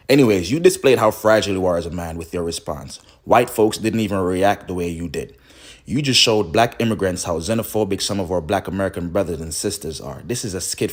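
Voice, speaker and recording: A man from the Caribbean with a very deep, low voice tells a storytime about an online argument. He sounds sarcastic and indignant throughout. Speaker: comedy skit creator. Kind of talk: storytime commentary.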